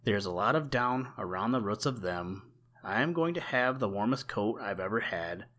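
Man putting on a storybook crow, sly, boastful, self-assured, lowish voice lifted a touch. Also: expressive, normal speed, a bit bright. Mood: chatty.

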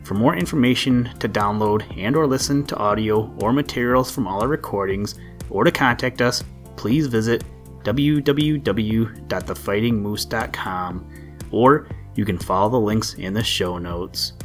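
A middle-aged man narrates a storybook in a calm, steady voice pitched slightly low. His reading is measured and clear. Soft music plays quietly behind him. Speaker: podcast host and story narrator. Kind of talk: storybook read-aloud. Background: soft background music.

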